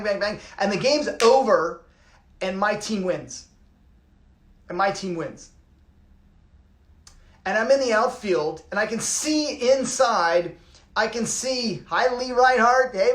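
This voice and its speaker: A man's voice: sits high, a bit bright, reverberant. A middle-aged man from Canada, a yoga teacher, talking casually and reflectively, rambling and repeating his phrases with many restarts.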